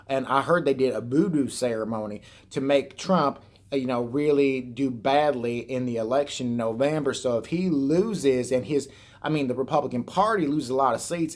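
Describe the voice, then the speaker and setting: A man ranting on his vlog in a rambling, sarcastic and profane way. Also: medium pitch. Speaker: vlogger. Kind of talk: rambling satirical rant.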